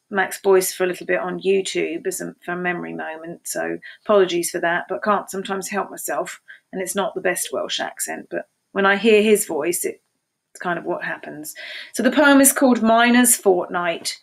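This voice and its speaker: A woman's voice: on the low side, moderate pace, vocal fry. A woman casually introducing a poem she is about to read, in a chatty, informal way with small restarts. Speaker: poetry reader. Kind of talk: casual intro to a poetry reading.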